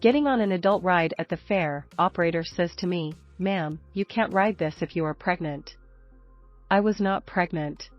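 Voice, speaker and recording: Female narrator, lower voice, dull lo-fi sound, faint music, steady read of story posts. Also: moderate pace. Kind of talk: scripted narration of reader posts.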